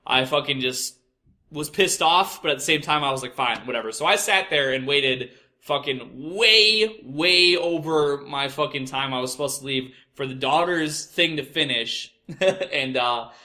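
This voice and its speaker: Young man, crude exasperated storyteller, slightly high, forceful tone. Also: measured pace. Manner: crude, exasperated, swears constantly. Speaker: podcast host. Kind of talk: profane storytelling rant.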